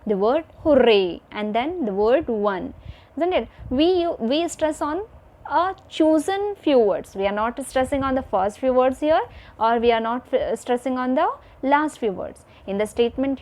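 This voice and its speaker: Slow-speaking woman teaching children. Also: high voice, lively intonation, a little mellow. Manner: slow, repeats points, checks in with "fine" and "okay". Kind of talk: recorded video lesson for children.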